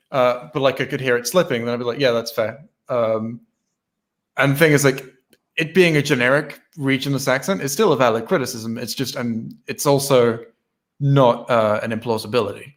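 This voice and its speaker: English man with a regionless accent, arguing. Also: mid-range voice. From England. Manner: argumentative, quick rebuttals. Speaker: podcast guest. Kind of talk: casual chat.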